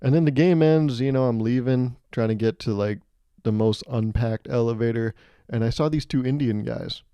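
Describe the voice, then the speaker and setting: Guy doing a solo comedy podcast, warm mellow voice, dry close sound, jokey and animated. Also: medium pitch, moderate pace, clean tone, no echo. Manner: animated, self-mocking, laughs mid-sentence. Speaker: podcast host.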